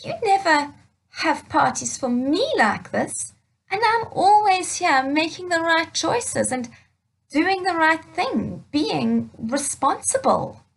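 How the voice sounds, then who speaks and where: A woman's voice: extremely high pitch, big pitch swings, takes it slowly, creaky, slight background noise, voice pushed up, heavily acted, poor audio. Woman doing a resentful older brother. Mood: aggrieved. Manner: complaining, indignant. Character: resentful dutiful older son, young man.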